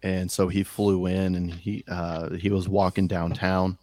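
A man's voice: low-pitched, level tone, measured pace, warm tone, no echo. A man from Texas co-hosting a casual sports podcast, joking and teasing, often repeating his words. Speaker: podcast co-host.

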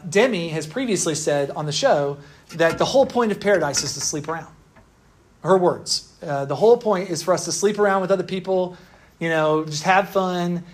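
A young man giving a sermon to a room, talking casually and asking the listeners rhetorical questions. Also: a little high. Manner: conversational, asks the audience rhetorical questions. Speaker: pastor. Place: room with an audience.

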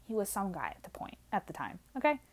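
A young woman, drinking as she talks, telling an embarrassing story in a candid, animated way, with free swearing and laughter at herself. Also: mid-range voice, quick pace. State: drinking while talking. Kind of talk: casual storytelling.

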